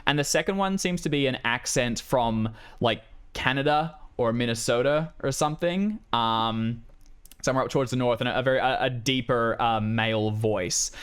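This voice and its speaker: Smooth-voiced male game master, rambling. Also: medium pitch, normal speed, a bit bright. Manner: casual, rambling with many fillers. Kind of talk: narrating a tabletop game.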